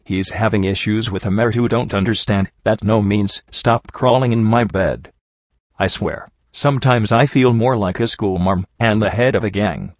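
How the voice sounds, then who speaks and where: A man's voice: lowish voice, moderate pace, dry recording, lo-fi sound, lightly acted. A man voicing a wily old male pony gang boss who talks in a teasing, folksy drawl. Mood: mock complaining. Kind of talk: audiobook character voice.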